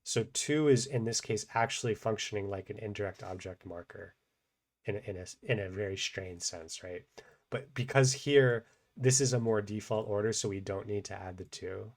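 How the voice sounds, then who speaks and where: Low-voiced man explaining grammar casually. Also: moderate pace. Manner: thinks aloud with many fillers and restarts. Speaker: language teacher.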